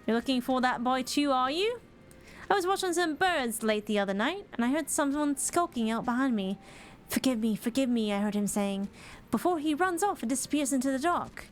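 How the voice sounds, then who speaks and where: A woman voicing a grumbling bird-keeper tells a tale in a high, drawling voice. The speech is folksy and indignant, with quiet room sound behind. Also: expressive, a little fast, a little hiss or hum. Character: aggrieved bird-keeper demanding payback.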